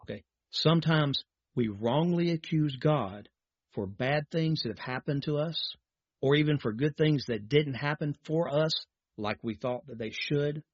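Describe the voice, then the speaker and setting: A husky-voiced man preaches a sermon, moving between reading scripture aloud and speaking directly to his listeners. The sound is dry and somewhat muffled, with little room around it. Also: medium pitch, no room sound.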